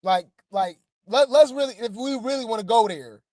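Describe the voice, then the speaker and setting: A woman's voice: a little high, normal speed, a little mellow, dry recording, clean studio sound. Sassy chatty woman commentator. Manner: chatty, sassy, repeats phrases. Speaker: gossip commentary host. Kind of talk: casual commentary.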